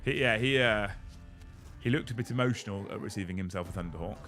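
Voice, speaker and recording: A man hosting a casual chat, telling an animated story and swearing freely. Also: lowish voice, fast talker, soft background music. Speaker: host.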